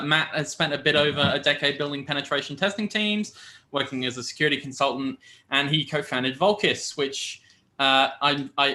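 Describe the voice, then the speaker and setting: Male con host on a video call, bright tone, a bit high, chatty and loose. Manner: relaxed, chatty, loose fillers. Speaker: conference host. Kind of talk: casual livestream chat.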